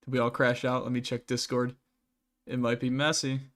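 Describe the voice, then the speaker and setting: Chatting through a relaxed livestream Q&A as he plays, the young adult host keeps restarting sentences and padding them with fillers. He speaks at a moderate pace in a mid-range, level voice that leans fairly bright.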